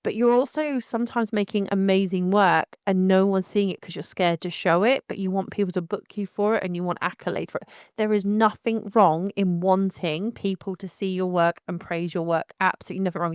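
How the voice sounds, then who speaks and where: A middle-aged English woman with a faint West Country lilt hosts her podcast alone, talking frankly and with energy. Her voice is smooth and crisp, and the dry, close recording has no room echo. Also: mid-range voice, brisk. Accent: light West Country English. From Devon and Somerset, England. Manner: frank, animated, calls listener darling. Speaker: podcast host. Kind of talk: casual solo podcast talk.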